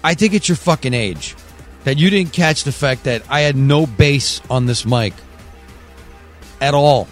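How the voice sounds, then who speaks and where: A man hosting a live podcast from a studio, talking in a loud, profane, sing-song hype style. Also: mid-range voice, a little slow, soft background music. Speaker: podcast host. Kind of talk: casual live show banter.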